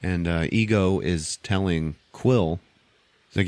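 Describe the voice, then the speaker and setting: A man with a fairly low voice runs through a film's plot for his podcast, loose and offhand, dropping the odd swear. He is close on the mic in a dry room with no echo. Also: unhurried, a little mellow. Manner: offhand, profane retelling. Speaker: podcast host. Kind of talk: casual movie recap.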